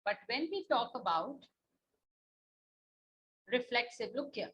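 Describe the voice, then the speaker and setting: A woman's voice: a little high, animated, takes it slowly, pauses often, fairly bright tone, low-quality recording. A woman with an Indian English accent teaching an online class, patient and repetitive, checking in with "okay?" as she goes. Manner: patient, repeats points, asks "na?" and "okay?".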